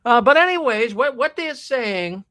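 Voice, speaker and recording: A man's voice: very high voice, lively intonation, a little slow, bright, forceful tone. A man hosting a call-in show, talking in a folksy, casual way and thanking callers. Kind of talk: casual call-in radio talk.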